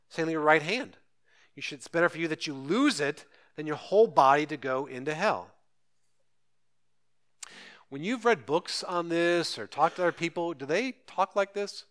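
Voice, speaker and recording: Male pastor, bright and fairly high voice, urgent preaching with rhetorical questions. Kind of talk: sermon.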